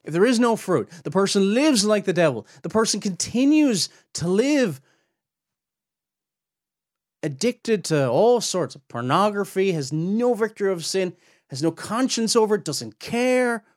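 A man's voice: high-pitched, very animated, a little slow, darkish tone, no echo, clean studio sound. A man hosting a podcast, teaching on theology in an earnest, emphatic way that climbs sharply when he presses a point. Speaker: podcast host and Bible teacher.

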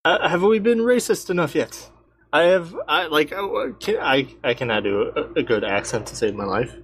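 A man's voice: fairly high pitch, lively intonation, normal speed, fairly bright tone. A man co-hosting a podcast in casual chat, joking and teasing himself in easygoing banter. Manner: jokey, self-mocking banter. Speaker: podcast co-host.

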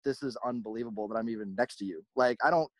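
Fast-talking man in animated chat. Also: medium pitch, no echo. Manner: rambling, animated, acts out quoted voices. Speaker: podcast host, merch company owner. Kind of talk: casual chat.

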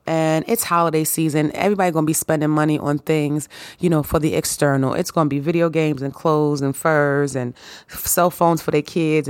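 A woman hosting her own podcast, hoarse and raspy from a sore throat, talking straight to her listeners in a sassy, preachy motivational monologue. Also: low voice, dry recording, clean studio sound. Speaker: podcast host.

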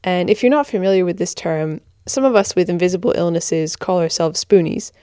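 Giggly twenties podcast host, american-australian accent, kinda low mellow voice, dead dry sound. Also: female voice, brisk, smooth, no room sound. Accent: American-Australian hybrid. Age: 20s. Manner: giggly, self-deprecating, sassy. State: tired. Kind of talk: casual podcast monologue. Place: bedroom, in a blanket fort.

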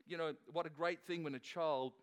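A man's voice: on the high side, steady tone, moderate pace, clean tone. A middle-aged man preaching a sermon at a church service in a loose, joking, conversational way, often restarting his sentences. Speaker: pastor.

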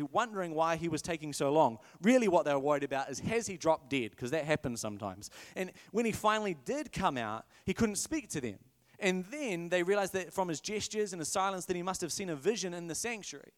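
A high-voiced man preaching in a relaxed, conversational way, playful and quick to correct himself. His voice carries a long reverb, as if filling a large hall. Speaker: pastor. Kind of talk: sermon.

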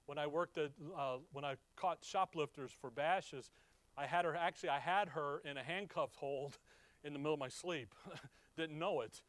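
A man preaching a conversational Bible-teaching sermon, often asking the listeners questions and swinging from emphatic loud lines to quiet ones. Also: fairly high pitch, moderate pace, dry recording.

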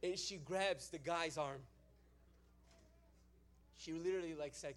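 A man from Brazil with a Brazilian accent, telling a testimony in a sermon. He tells the story with lively energy, dropping to hushed prayer and rising to loud praise. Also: on the high side, a little slow. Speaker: preacher.

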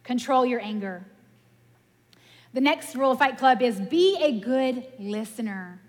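A woman giving a casual, animated sermon in a church, telling stories and laughing at herself. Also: a little high, moderate pace. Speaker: preacher. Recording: long hall reverb.

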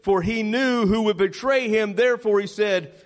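A man preaching a sermon as pastor, calling on the congregation to repeat lines after him and drawing key phrases out slowly for emphasis. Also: high voice. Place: church sanctuary. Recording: long reverb of a large hall.

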